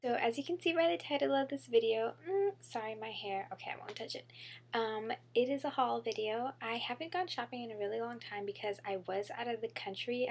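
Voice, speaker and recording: A bubbly young woman chats to her camera about her shopping, her fairly high voice catching into a gravelly fry. She talks casually, full of fillers and gushing, recorded in a room at home with a faint hum behind her. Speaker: beauty vlogger. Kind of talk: casual haul vlog.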